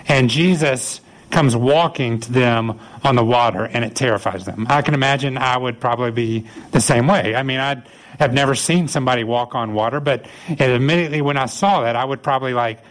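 A man preaching a sermon, retelling scripture as a lively story and acting out the voices of the people in it. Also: medium pitch, low-quality recording. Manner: animated storytelling, acts out quoted voices. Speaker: pastor.

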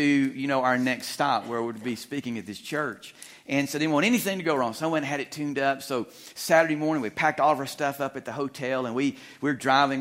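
A middle-aged man preaching in a church, telling a humorous story with animated, self-deprecating delivery and frequent chuckles. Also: medium pitch. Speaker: guest preacher. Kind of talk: storytelling sermon. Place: church sanctuary.

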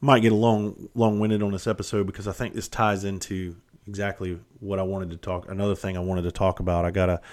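A man's voice: deep voice, flat delivery, fairly quick, hardly any pauses, darkish tone. A middle-aged man hosting a podcast, telling blunt, profane stories from his own past in a casual, self-deprecating way. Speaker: podcast host. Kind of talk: casual storytelling monologue.

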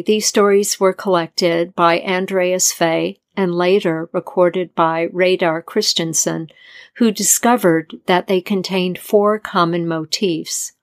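A woman tells an old legend at an unhurried pace, her voice sitting low and calm. She reads in a measured, deliberate manner suited to scripted storytelling. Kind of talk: scripted folktale narration.

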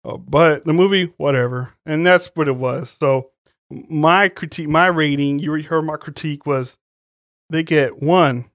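A man's voice: on the high side, normal speed, a bit bright, no echo, studio quality. A man hosting a podcast, recapping and rating a horror film in loose, slangy, profane chat. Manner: loose, slangy storytelling with side remarks. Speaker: podcast host reviewing horror films.

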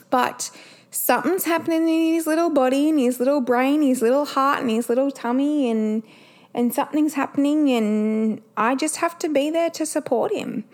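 A woman's voice: high-pitched, a little mellow. A woman, hosting a podcast and chatting candidly, swearing freely. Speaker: podcast host. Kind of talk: casual solo podcast chat.

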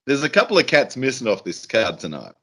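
A man's voice: medium pitch, brisk. A man, co-hosting a podcast and recapping a wrestling event in casual chat, acting out the voices he quotes. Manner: animated storyteller who acts out quoted voices. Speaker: podcast co-host.

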